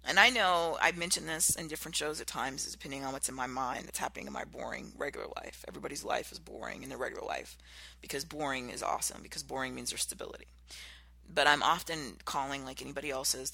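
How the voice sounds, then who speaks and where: Podcast host, motivational talk, sharp bright tone, gravelly edges, acts out examples. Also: medium pitch, fast, no echo. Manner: animated, acts out contrasting example voices.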